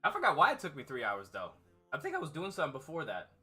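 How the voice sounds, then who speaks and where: A man's voice: on the high side, wildly swooping pitch, racing, pushed and bright, faint music behind. A man hosting a casual gaming chat stream, laid-back and laughing often, swearing freely. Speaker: streamer host.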